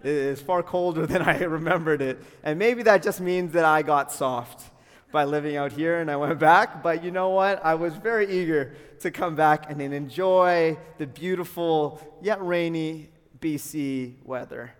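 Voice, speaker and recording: A man's voice: fairly high pitch, measured pace, clean tone. A young adult man from Calgary, preaching a sermon as pastor in an upbeat, friendly way with joking asides. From Calgary, Canada. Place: school hall used for church. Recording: long hall reverb.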